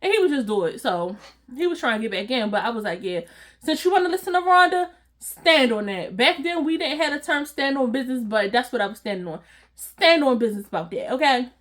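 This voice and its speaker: A woman vlogger telling a casual storytime, animated and slangy, acting out what people said and laughing often. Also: fairly high pitch, fast talker. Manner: animated, slangy, acts out quoted voices.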